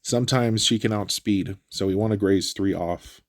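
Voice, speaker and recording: Stuffy-nosed man, low gravelly voice, casual game walkthrough commentary, dry close mic. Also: moderate pace, no room sound. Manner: relaxed, explanatory, with frequent fillers. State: stuffy nose. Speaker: gameplay commentator.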